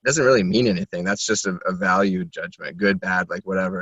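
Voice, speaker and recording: A man with a low voice speaks reflectively in a coaching session, pausing and searching for words. The recording is dry and dull, with a lo-fi edge. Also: fairly even intonation, husky, no echo. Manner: introspective, searching for words, soft laughs. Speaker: coaching client. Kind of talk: reflective conversation.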